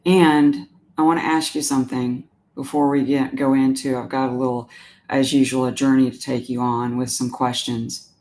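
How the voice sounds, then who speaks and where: A woman hosting a live stream as an animal communicator. She talks gently and emotionally about pet loss and answers viewer comments, often pausing and restarting her sentences. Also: extremely low pitch, flat delivery. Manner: warm, emotional, halting with many restarts.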